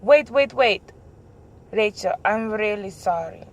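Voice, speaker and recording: A woman's voice: medium pitch, expressive, slow pace, dull audio, slight background noise. Woman doing a pleading foreign young man. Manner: repeats apologies over and over.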